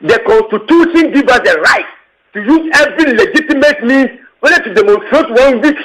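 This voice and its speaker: On a rough recording, a tenants union secretary general with a Ghanaian English accent makes an impassioned, emphatic statement in an interview, repeating himself and mixing in local phrases. His voice is very high, with lively intonation, a fairly bright tone and a slightly fast pace.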